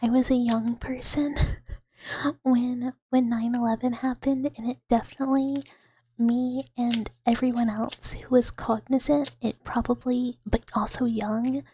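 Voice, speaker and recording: A woman in her thirties hosting a whispered ASMR livestream, breathy and giggly, rambling as she greets chat on a close mic. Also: fairly high pitch, fairly even intonation, measured pace, dark tone. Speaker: ASMR streamer.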